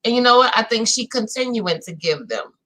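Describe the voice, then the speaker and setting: A woman's voice: a little high, brisk. A woman from New Orleans with a New Orleans accent, chatting casually as she recaps a reality show for her viewers. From New Orleans, Louisiana. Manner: animated and chatty, addresses viewers as "y'all". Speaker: recap host.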